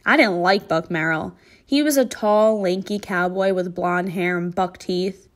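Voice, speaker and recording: A woman's voice: fairly low pitch, a little slow. Woman teacher reading a novel aloud. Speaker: middle school English teacher.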